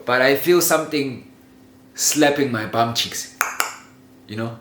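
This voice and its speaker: A man telling a childhood story in a casual, animated way, laughing often and swearing freely. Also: medium pitch, slow, long pauses. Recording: roomy echo with faint ambient noise.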